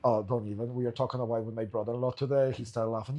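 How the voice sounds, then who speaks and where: A man's voice: medium pitch, steady tone, rapid-fire, warm tone. Polish man with a Belfast twang. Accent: Polish, mixed with Belfast. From Poland. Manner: swearing, joking, storytelling. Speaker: podcast host. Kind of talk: casual interview chat.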